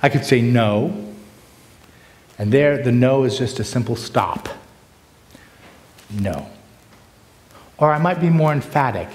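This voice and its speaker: A man giving a conference lecture on preaching, animated and demonstrative, swinging between loud bursts and hushed asides. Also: medium pitch, slow, long pauses. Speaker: preaching workshop speaker. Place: large hall with long reverb. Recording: echoey hall from far off.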